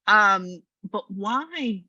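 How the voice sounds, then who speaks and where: A woman with a bright, forceful voice giving a chatty spirit reading as a medium. The sound is dry and a bit dull, like a lo-fi video call. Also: mid-range voice, expressive, dry recording. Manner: chatty and quick, with many fillers and laughs. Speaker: psychic medium. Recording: dull lo-fi audio.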